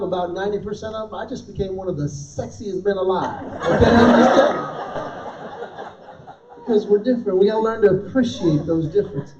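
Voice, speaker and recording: A man doing stand-up comedy with a faith message, telling animated stories and acting out both sides of conversations. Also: high voice. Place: hall with a live audience. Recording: echoey hall, distant mic, dull lo-fi sound. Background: audience laughter.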